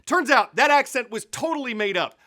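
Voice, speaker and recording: A man hosting a news show, reading scripted narration in a crisp, measured delivery. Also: very high-pitched, expressive, sharp tone.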